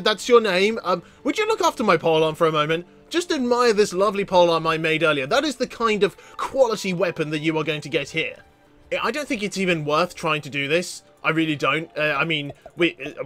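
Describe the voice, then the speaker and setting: A young man with a high voice talks through a game, stammering often and jumping up into excited yelps. Faint game music plays underneath. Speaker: gaming YouTuber. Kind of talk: excitable gameplay commentary.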